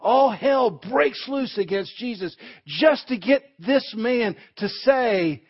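A man's voice: very high-pitched, animated, slow pace, hardly any pauses. A man preaching a sermon in an emphatic way, building to fervent peaks, heard on a dull, lo-fi recording.

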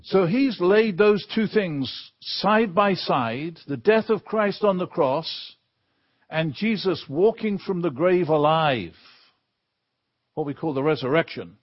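Slow, deliberate English preacher. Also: male voice, high voice, lively intonation, dull audio. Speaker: guest preacher. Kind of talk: sermon. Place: church pulpit.

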